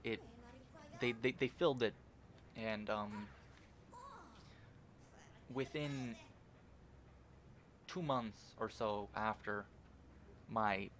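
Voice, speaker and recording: A man's voice: mid-range voice, a bit bright, a little hiss or hum. A young man casually rambling through gameplay commentary at home, swearing often and restarting sentences with lots of fillers. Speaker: gaming channel host.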